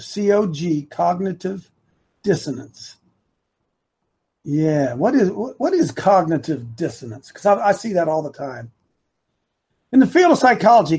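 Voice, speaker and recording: A man's voice: high-pitched, a little mellow, husky. A man hosting a live opinion talk show, rambling and repeating himself for emphasis while talking to his producer and the chat.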